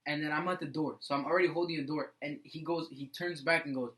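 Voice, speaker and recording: A young man co-hosting a casual podcast, telling animated school stories full of "like" and "bro.". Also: fairly high pitch, quick pace, low-quality recording. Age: young adult. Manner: animated storyteller, fills with "like" and "bro". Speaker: podcast co-host. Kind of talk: casual chat.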